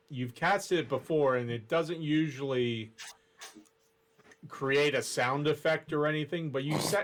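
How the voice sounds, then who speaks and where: A man running a tabletop game as dungeon master, describing scenes in a measured way. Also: on the high side, fairly bright tone.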